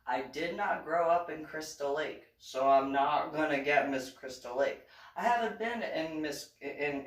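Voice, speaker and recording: Woman, East Coast American accent, casual storyteller who laughs often and mimics others; distant mic, reverberant room. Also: extremely low pitch. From East Coast of the United States. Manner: chatty, laughs often, acts out quoted voices. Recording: echoey room, set back from the mic.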